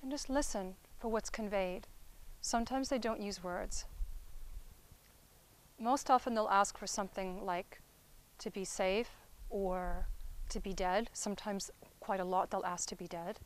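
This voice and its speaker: A woman therapist walks her audience through inner-child healing. Her pitch sits at an ordinary middle height, and her delivery stays conversational with frequent check-ins. She often drops into a soft, gentle register. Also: fairly even intonation, measured pace, poor audio. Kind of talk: instructional talk.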